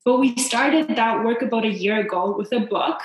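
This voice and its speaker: A woman's voice: fairly high pitch, normal speed. A woman from Poland, a guest on a podcast, telling personal stories in an earnest, reflective way. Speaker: guest, founder and coach for mothers. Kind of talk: heartfelt podcast interview. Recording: very echoey room.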